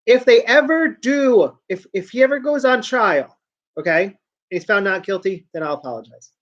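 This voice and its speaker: Rambling joking man, dull lo-fi sound. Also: high voice. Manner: rambling, joking, self-mocking, trails off and restarts. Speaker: host of a joke news show. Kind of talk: casual rambling talk to camera. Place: at home.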